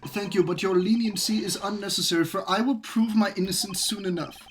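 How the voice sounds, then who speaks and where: A woman's voice: medium pitch, steady tone, brisk, a little hiss or hum, voice pushed up, natural voice. Woman reading a cool, sardonic male prosecutor. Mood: calm.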